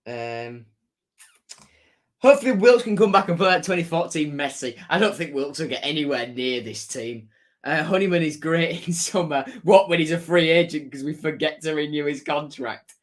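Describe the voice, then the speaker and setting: A young man with a fairly high voice hosts a casual football fan livestream. He chats loosely, reads out viewer comments and drops jokey asides as he goes. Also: moderate pace.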